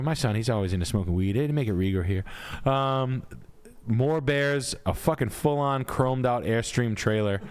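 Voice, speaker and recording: A man's voice: mid-range voice, moderate pace, clean tone. A man hosting a live stream, reviewing house listings with crude, profane jokes and loose, riffing commentary. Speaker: realtor reviewing house listings, show host.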